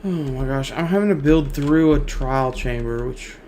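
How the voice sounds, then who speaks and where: A man's voice: medium pitch, moderate pace, a little mellow, slight background noise. A man streaming a video game, chatting casually and telling a long rambling joke. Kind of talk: casual chat while gaming.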